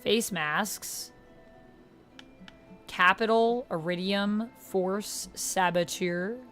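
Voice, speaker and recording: Brief: woman streamer, casual running commentary through game menus, mid-pitched, faint game music under her. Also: extremely slow, a bit bright. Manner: reads menu options aloud, chats with viewers. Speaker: streamer playing a video game.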